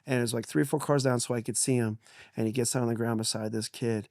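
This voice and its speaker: A middle-aged man, a pastor, telling a family story on a podcast with animated delivery and frequent laughs. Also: medium pitch, quick pace, no room sound, studio quality. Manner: animated, laughs often, acts out quotes.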